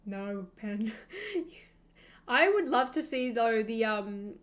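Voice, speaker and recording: A young woman streaming, chatting casually and thinking aloud with soft laughs. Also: on the high side, animated, drawn-out words.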